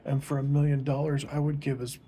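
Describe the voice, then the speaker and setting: A man voicing a starstruck teenage sister who gushes in a slow, swooning way. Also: medium pitch, level tone, mellow, a little hiss or hum, pitched above the performer's own voice, lightly acted. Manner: gushing, drawn-out and swooning.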